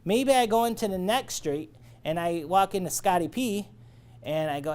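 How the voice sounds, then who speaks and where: A man's voice: sits high, moderate pace, darkish tone, clean tone. Coaching male sales trainer. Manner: coaching, checks in with "all right?". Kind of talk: training lecture.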